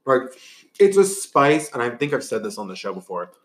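A man's voice: medium pitch, sing-song, brisk. A young man co-hosting a podcast, chatting casually while eating, swearing freely and filling his talk with fillers and laughs. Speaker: podcast co-host.

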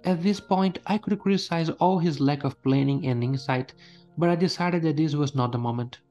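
A man reading a first-person adventure story in a steady storytelling manner. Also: a little high, moderate pace, highs cut off, soft background music. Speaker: narrator. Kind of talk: scripted story narration.

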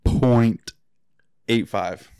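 A man's voice: fairly low pitch, drawn-out words, warm tone, clean tone, dry recording. A man co-hosting a casual podcast, delivering dry jokes in a drawling way. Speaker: podcast co-host. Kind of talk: casual chat.

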